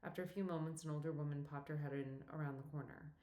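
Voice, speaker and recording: A woman reading a romantic comedy novel aloud as audiobook narrator, in a steady, even storytelling manner. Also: low voice, quick pace. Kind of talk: scripted narration. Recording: roomy echo.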